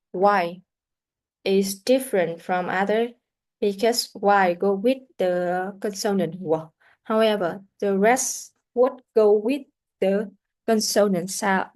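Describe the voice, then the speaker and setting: Slow, careful woman teaching pronunciation. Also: mid-range voice, darkish tone. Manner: slow, careful, models sounds for repetition. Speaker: English teacher. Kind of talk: pronunciation lesson.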